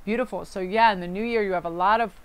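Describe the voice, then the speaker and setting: A woman's voice: mid-range voice, quick pace, clean tone. A woman hosting a casual pick-a-card reading, chatty and effusive, addressing viewers directly and reading card meanings aloud. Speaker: tarot card reader.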